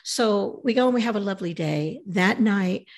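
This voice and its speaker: A woman tells a travel story in a casual, animated way, acting out the voices of the people involved, at medium pitch and normal speed.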